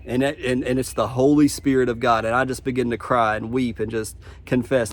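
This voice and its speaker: A man's voice: mid-range voice, steady tone, fairly quick, hardly any pauses. A man telling his personal testimony in a vlog, speaking earnestly and from the heart, often restarting his sentences. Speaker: vlogger.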